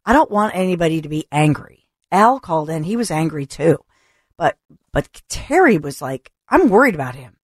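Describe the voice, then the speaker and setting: A woman's voice: low voice, very animated, moderate pace, no room sound, studio quality. A woman hosting a talk radio show, talking in a chatty, reassuring way with frequent restarts. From Philadelphia area. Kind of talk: casual talk radio monologue. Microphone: studio microphone.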